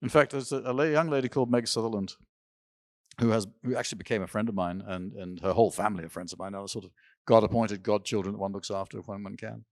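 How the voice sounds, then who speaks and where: A man's voice: lowish voice, fairly even intonation, quick pace, darkish tone, dry recording, clean studio sound. An older man in an interview, telling rambling personal stories with occasional laughs and restarts. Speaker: interview guest. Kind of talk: storytelling in an interview. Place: symposium stage.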